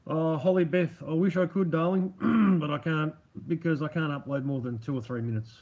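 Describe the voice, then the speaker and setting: A slightly high-voiced man rambles through a casual livestream chat. His voice is husky, and he swears freely while circling back and restarting his thoughts. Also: moderate pace, few pauses, darkish tone, lo-fi sound. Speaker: livestream host reading chat. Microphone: computer mic.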